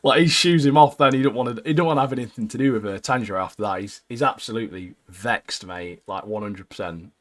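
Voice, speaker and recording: A man chatting casually about an anime episode as a podcast co-host. His voice sits at an ordinary middle pitch, and he talks with animated energy, tossing "mate" into most sentences. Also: fast talker, few pauses. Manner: animated, keeps adding "mate", jumps into high squeaky voices when quoting characters. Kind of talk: casual anime recap chat.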